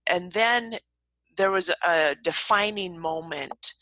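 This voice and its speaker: A middle-aged woman guest telling lively, upbeat stories in casual conversation. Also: fairly low pitch, slow pace, dry recording, rough recording. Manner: upbeat, animated storytelling.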